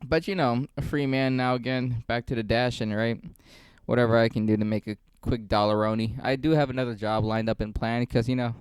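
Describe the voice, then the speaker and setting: A man's voice: medium pitch, fairly even intonation, a little fast, darkish tone, clear, resonant tone, no room sound. A young man, a stand-up comedian, rambling through a casual vlog with lots of swearing and self-mockery. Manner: rambling, profane, self-mocking.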